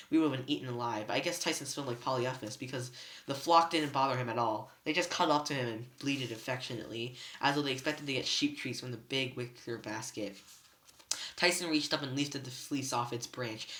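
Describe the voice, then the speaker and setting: A reader narrating a novel chapter aloud in first person, steady but with slips and restarts. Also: mid-range voice. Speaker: student reader. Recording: roomy echo.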